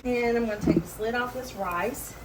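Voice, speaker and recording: Cooking in her home kitchen, a woman with a high-leaning voice talks to her audience at a moderate pace, chatty and self-mocking about her errors. A frying pan sizzles loudly behind her, adding background noise.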